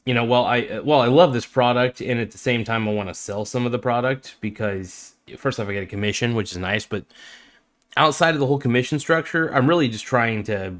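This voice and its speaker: During a livestreamed phone review, the host chats loosely, full of fillers, false starts and excited asides, sounding like a fan who is easily impressed. He has a mid-range voice and talks a little fast.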